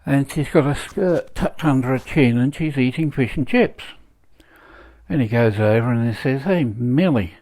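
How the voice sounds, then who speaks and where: A man in his seventies giving a rambling casual monologue, halting and full of fillers, with dry wry humor. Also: mid-range voice, a little mellow. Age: 70s. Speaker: vlogger.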